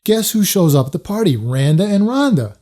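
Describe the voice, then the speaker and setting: Rambling man with a mellow, raised voice. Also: high voice, big pitch swings, a little fast. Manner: rambling, loose, with many fillers and restarts. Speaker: storytelling vlogger. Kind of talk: casual personal storytelling.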